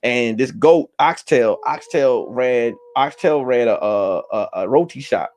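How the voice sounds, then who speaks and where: A man's voice: mid-range voice, a little slow, a little mellow. A man telling an improvised playful story at home, rambling with lots of repeats and fillers. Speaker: storyteller, video host.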